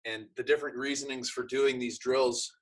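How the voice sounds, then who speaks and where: A man chatting casually as he explains and demonstrates arm training drills, with relaxed everyday examples. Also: medium pitch, moderate pace, poor audio. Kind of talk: casual instructional chat.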